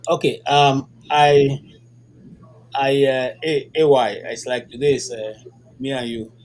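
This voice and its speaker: A man's voice: medium pitch, steady tone, unhurried, a little mellow. A man arguing with rhetorical questions, often stammering and searching for words. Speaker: discussion participant. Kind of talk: online group discussion. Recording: noisy background hiss.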